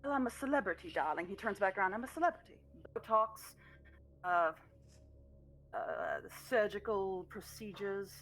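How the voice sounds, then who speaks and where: A vain, flamboyant celebrity vampire man, put on by a woman, drawling softly in an affected, languid way. His voice stays quiet and breathy, with faint hum behind it. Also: medium pitch, normal speed, lightly acted, rough recording. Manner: soft, affected, drawling "darling".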